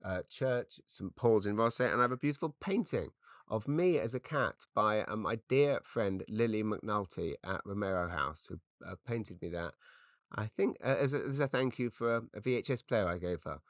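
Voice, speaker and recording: A middle-aged English man hosting a podcast, telling rambling comic stories with quick asides and restarts. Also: fairly low pitch, lively intonation, no echo, clean studio sound. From England. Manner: chatty, self-interrupting, quick asides. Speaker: podcast host. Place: makeshift home studio padded with cushions.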